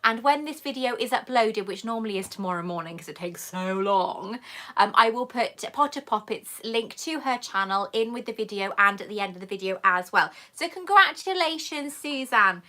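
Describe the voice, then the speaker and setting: A woman's voice: medium pitch, lively intonation, normal speed, bright, forceful tone. A British woman hosting a live question-and-answer stream from home, chatting casually and greeting viewers with affectionate pet names. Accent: British English. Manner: chatty and affectionate, calls viewers love and sweetheart. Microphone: camera mic on a monopod.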